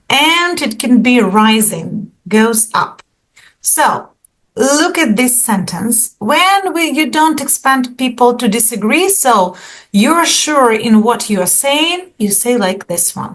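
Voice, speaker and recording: A woman teaching an online English lesson, explaining slowly and deliberately, with many pauses, over an online call microphone. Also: a little high.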